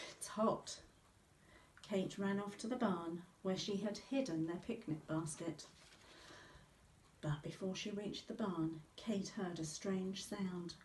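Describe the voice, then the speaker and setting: A woman teacher reading a storybook aloud to pupils with an expressive voice, recorded in an echoey room from some distance. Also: mid-range voice, slight background noise.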